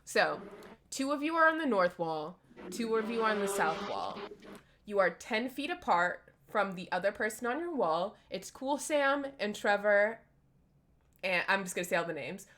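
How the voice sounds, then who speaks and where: A woman at a medium pitch, narrating as dungeon master. She sets the dungeon scene in a loose, chatty way, full of little asides. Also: very animated, moderate pace, a bit bright, a little hiss or hum. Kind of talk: narrating a tabletop game.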